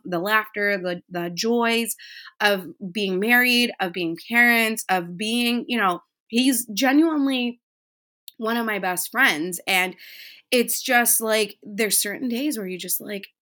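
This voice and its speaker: A woman's voice: mid-range voice, sharp tone. A woman in her thirties hosting a casual, heartfelt monologue, chatty with many fillers. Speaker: podcast host.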